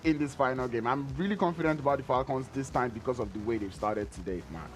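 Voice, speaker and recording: A man's voice: medium pitch, quick pace. A man giving an esports prediction, confident in his pick. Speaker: esports analyst.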